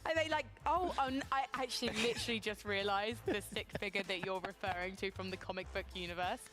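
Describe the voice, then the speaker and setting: A woman hosting a casual esports panel, joking and laughing with her co-hosts and firing off quick asides. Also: mid-range voice. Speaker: esports broadcast host. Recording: music playing behind the voices. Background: music.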